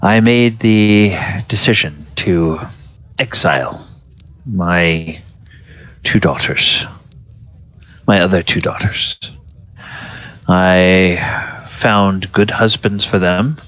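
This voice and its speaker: A man voicing a solemn giant king, a grieving father who speaks in a grave, measured way, in a tabletop game. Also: low-pitched, a bit bright, no room sound, full character voice. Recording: dull lo-fi recording.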